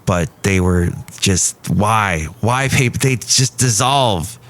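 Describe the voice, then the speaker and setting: A man's voice: on the low side, takes it slowly, fairly bright tone. A man hosting a comic one-man podcast, rambling playfully with jokey asides. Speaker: podcast host.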